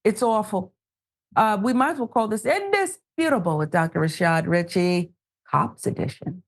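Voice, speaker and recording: A woman co-hosting a news show, reading stories and adding sarcastic, animated asides. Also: fairly low pitch, measured pace. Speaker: news co-host.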